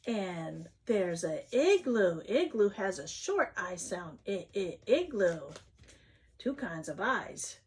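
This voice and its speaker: A woman's voice: medium pitch, big pitch swings. A woman reading an alphabet picture book aloud to young children, sounding out each letter and gasping with delight when she lifts the flaps. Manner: slow, sing-song phonics sounding out, gasps at flaps. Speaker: children's read-aloud host.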